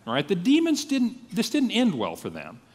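A male pastor preaching a sermon, telling his story in a lively, animated way and acting out his own thoughts. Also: sits high, normal speed, big-room sound.

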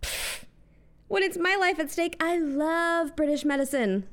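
A woman doing a quick comic voice of a self-serving old male leader, flippant and dismissive. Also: extremely high pitch.

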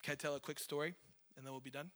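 Man, thirties, worship leader, sermon, bright tone, slightly high pitch, conversational, emotional. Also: steady tone, rapid-fire. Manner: conversational, emotional, self-deprecating asides.

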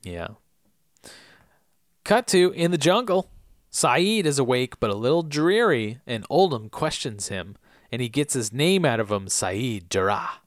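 Lively male podcast co-host recapping. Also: measured pace, no room sound, studio quality. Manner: reads out quotes in a low, hushed voice, laughs often. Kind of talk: casual episode recap.

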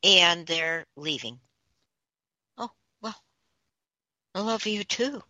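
A woman's voice: on the low side, animated, slow pace, pushed and bright, no room sound. A woman on a talk podcast, relaying messages she says she is receiving, in a casual chatty way. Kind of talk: casual channeling chat.

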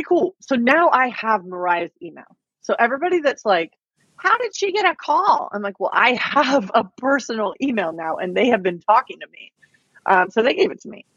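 This online reseller, a guest on a podcast, has a lowish, gravelly, husky voice with a fairly bright tone. She tells her story in a casual interview, chatty and full of "like" and "um." The audio is dull, lo-fi and dry, with no echo.

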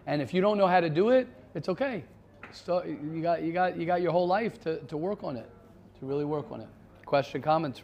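A man's voice: on the high side, a little mellow. A man, teaching an informal Torah class in an earnest, emphatic way, repeating his points.

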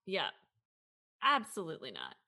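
A young adult woman co-hosting a podcast in casual chat, expressive, laughing often and swearing casually. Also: on the low side, normal speed. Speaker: podcast co-host.

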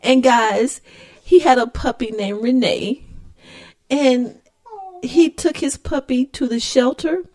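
A woman's voice: high voice, takes it slowly, a little mellow. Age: unknown. Sex: woman. Role: podcast co-host. Style: casual chat, laughing often, teasing, tripping over and repeating words.

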